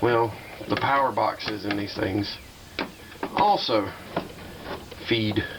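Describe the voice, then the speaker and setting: A man vlogging while restoring a slot machine, chatty and self-deprecating, talking to viewers and repeating calming phrases to keep himself from getting mad. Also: on the low side, takes it slowly, noisy background. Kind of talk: casual workshop vlog.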